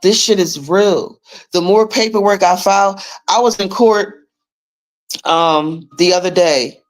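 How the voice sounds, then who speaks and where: A woman's voice: mid-range voice, measured pace, faint music behind. A woman hosting a livestream, ranting in a blunt, profane and emphatic way as she urges listeners to take charge of their money. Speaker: livestream host teaching finance paperwork. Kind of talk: casual livestream rant.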